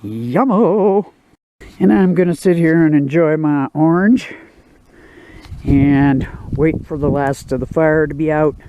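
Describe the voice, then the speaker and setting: A man's voice: a little high, fairly even intonation, a little slow, clean tone, dull audio. A man chatting casually to the camera outdoors at a backcountry campsite, rambling and laid-back with lots of fillers. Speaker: outdoor vlogger. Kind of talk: casual outdoor vlog chat.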